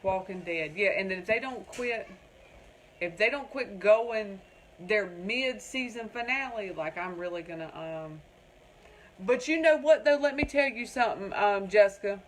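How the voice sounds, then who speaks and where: A chatty woman with a drawl hosts a craft livestream, wandering off topic and answering viewers by name. Her voice sits at an ordinary middle pitch. A faint hum of room noise sits under her phone mic. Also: lively intonation, unhurried. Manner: chatty, rambling, talks to viewers in the comments. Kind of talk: casual livestream chat.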